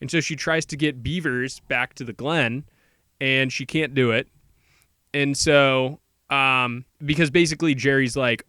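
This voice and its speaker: A man co-hosting a podcast, rambling through a movie plot and slipping into quick quoted voices for the characters. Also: medium pitch, steady tone, sharp tone, clear, resonant tone, no room sound, clean studio sound. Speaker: podcast co-host. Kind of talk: casual movie recap chat.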